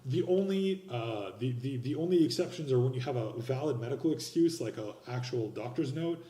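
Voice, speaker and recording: A man's voice: medium pitch, lively intonation, brisk, warm tone, echoey room. Casual, blunt young male instructor. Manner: casual, rambling, blunt with slang. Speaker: college instructor. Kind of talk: recorded online class lecture.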